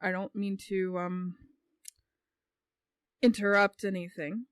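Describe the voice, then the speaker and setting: A woman's voice: medium pitch, level tone, slow, clean tone, dry recording, studio quality, close to an everyday voice. Aelon, a woman voicing a flustered male elf. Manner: hesitant, apologetic, trailing off. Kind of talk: tabletop role-play.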